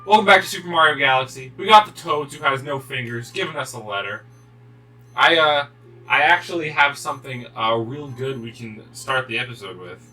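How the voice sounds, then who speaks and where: A man's voice: medium pitch, brisk, sharp tone, distant mic, low-quality recording. A young man co-hosting a gaming video, telling a rambling, swearing story with many restarts. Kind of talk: casual chat while playing.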